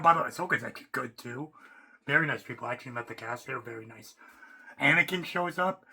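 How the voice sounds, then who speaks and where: A man ranting off the cuff as a fan, rambling and excitable, restarting sentences and swearing casually. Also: fairly high pitch, husky. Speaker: YouTuber. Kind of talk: unscripted fan rant.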